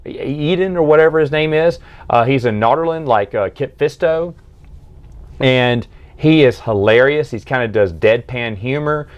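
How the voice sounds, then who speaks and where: A man's voice: mid-range voice, moderate pace, clear, resonant tone, muffled recording. Male book reviewer, casual and enthusiastic, talks in loose rambling retellings.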